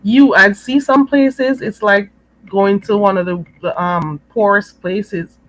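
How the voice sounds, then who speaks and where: This Jamaican woman hosting a live stream speaks slowly in a steady, mid-range voice while chatting casually through viewer comments. She laughs often and addresses people as "girl," and the poor audio has slight background noise.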